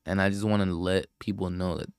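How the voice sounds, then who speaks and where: Gravelly low-voiced young man rambling. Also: fairly even intonation, fairly quick, no room sound, clean studio sound. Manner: rambling, profane, self-deprecating. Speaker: podcast host. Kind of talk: casual solo podcast monologue.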